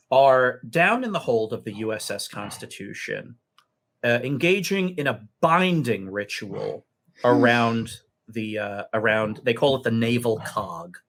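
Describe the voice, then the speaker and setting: A man narrating a tabletop game as game master, telling the story in an unhurried way with many fillers. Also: mid-range voice, fairly bright tone.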